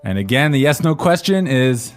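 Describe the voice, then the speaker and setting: A faint music bed plays behind a man co-hosting a scripted language podcast as the learner. Medium-pitched, animated and moderately paced, he keeps prompting with questions, often tagging on "right?".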